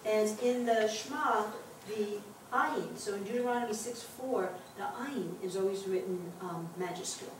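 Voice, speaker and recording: A woman teaching a Hebrew class to adults, patiently explaining and reading words aloud slowly. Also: mid-range voice, background noise. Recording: very echoey classroom taped from far off.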